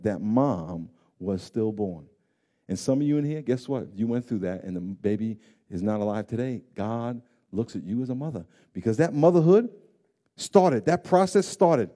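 A man preaching a sermon as pastor. He swings from hushed, intimate words to loud, pleading emphasis and repeats phrases to drive them home. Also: mid-range voice. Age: adult parent of grown children.

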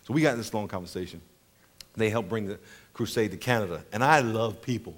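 A man's voice: fairly low pitch, fairly quick. A man around forty preaching a sermon, telling stories with lots of laughter and acting out the people in them. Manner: animated, laughs often, mimics people in his stories. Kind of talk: storytelling sermon to a congregation.

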